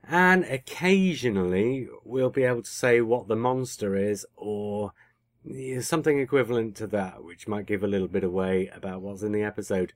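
A podcast co-host chats casually in a fairly low voice, teasing and often correcting himself mid-sentence. The sound is clean studio quality with no echo.

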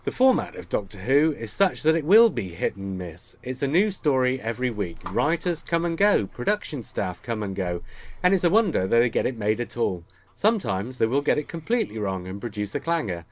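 A man's voice: medium pitch, big pitch swings, fairly quick. A man hosting a podcast, joking with his co-hosts and reading listener emails aloud. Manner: jokey, bantering. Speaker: podcast host.

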